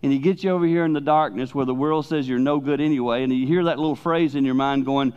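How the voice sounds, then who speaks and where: An older man preaching a sermon, swinging between loud emphasis and hushed, personal asides. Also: fairly high pitch, brisk, hardly any pauses. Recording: dull lo-fi recording.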